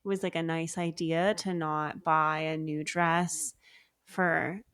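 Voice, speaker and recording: A woman's voice: low voice, level tone, slow, fairly bright tone, clean tone. A woman co-hosting a podcast, chatting casually and rambling through her thoughts with lots of filler words. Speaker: podcast co-host. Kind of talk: casual chat.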